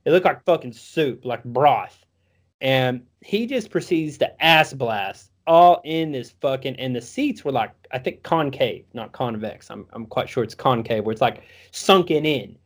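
A man's voice: mid-range voice, animated, a little slow. A young man telling a rambling, profanity-laden story in a casual drawl.

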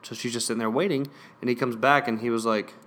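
A man's voice: mid-range voice, fairly even intonation, fast talker, fairly bright tone. A young man telling an irritated, profane story, swearing constantly and stammering over repeated words. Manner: irritated, sarcastic retelling.

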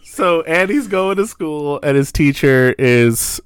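A man's voice: on the high side, expressive, takes it slowly, smooth, dry recording, clean studio sound. A man co-hosting a podcast, recapping a horror film in casual chat, laughing often and acting out quoted lines. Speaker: podcast co-host.

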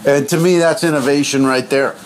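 A man hosting a podcast, talking in a loose, goofy, rambling monologue with big swoops in pitch. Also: steady tone, a little fast, background noise. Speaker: podcast host.

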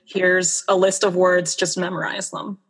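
A woman chatting casually on a podcast, blunt and animated. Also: lowish voice, measured pace, breathy edge. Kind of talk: casual chat.

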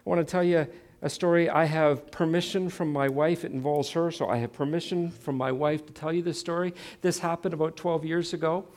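A man's voice: on the high side, steady tone, a little fast, darkish tone. A middle-aged man telling a personal story in a sermon, poking fun at himself and acting out the dialogue. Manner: self-mocking, dramatizes quoted dialogue. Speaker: Christian speaker.

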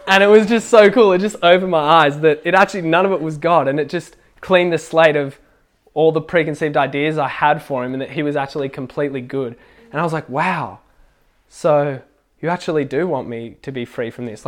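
A man's voice: fairly high pitch, a little fast. A young man casually telling a personal faith story, rambling with lots of filler words and laughing now and then. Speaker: speaker sharing a faith testimony.

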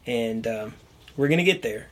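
A man talking through a Bible chapter in casual group conversation, animated and enthusiastic. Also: medium pitch. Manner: animated, energetic, quick bursts of enthusiasm. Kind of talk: casual Bible study chat.

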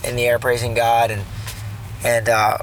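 A man's voice: mid-range voice, monotone, normal speed, a little hiss or hum, low-quality recording. A man telling a rambling story about his day while driving, speaking earnestly and often restarting his sentences. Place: in a car.

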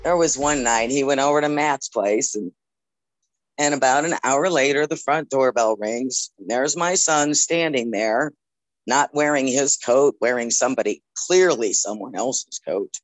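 A woman's voice: extremely low pitch, unhurried, no room sound. A middle-aged woman sharing a memory as a guest, in a conversational manner with frequent fillers. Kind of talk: personal storytelling.

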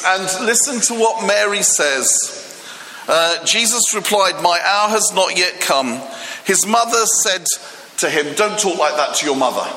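A man's voice: fairly high pitch, sharp tone, slight background noise. A man preaching a humorous, chatty sermon, joking with the congregation and using many fillers. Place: church hall. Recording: echoey hall with long reverb.

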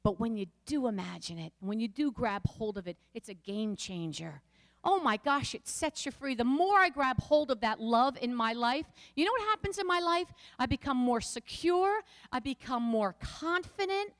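A woman's voice: fairly high pitch, animated, normal speed, fairly bright tone, big-room sound. A woman pastor preaching a passionate sermon, speaking straight to her listeners with rising and falling emphasis.

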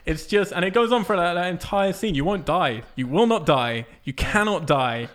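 A man on a casual talk show, ranting in an animated, profane way and breaking into laughs. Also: sits high, moderate pace. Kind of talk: casual chat.

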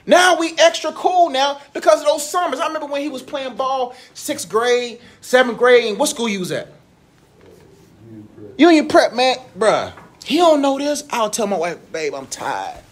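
A man in his thirties giving a casual, animated sermon talk, laughing often as he speaks. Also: very high-pitched, normal speed. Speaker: preacher.

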